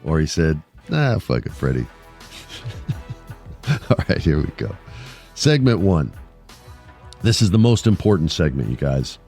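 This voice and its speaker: A man's voice: a bass voice, very animated, measured pace, long pauses, dark tone, faint music behind. A man in his forties hosting a podcast, telling a story casually and with animation, with jokes and crude asides. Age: 40s. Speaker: podcast host.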